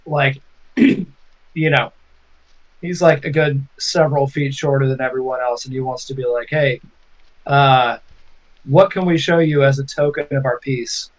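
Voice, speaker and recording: A man's voice: mid-range voice, fairly even intonation, unhurried, long pauses, low-quality recording. A man playing a tabletop game, speaking casually and tentatively. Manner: hesitant, tentative. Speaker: player. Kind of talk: casual chat.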